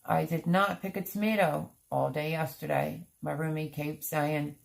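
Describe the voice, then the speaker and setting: A middle-aged woman from Pennsylvania hosts a gardening livestream, chatting and rambling as she reads comments, sounding worn out. Her gravelly, low voice keeps a fairly even intonation at a moderate pace, with many fillers and restarts.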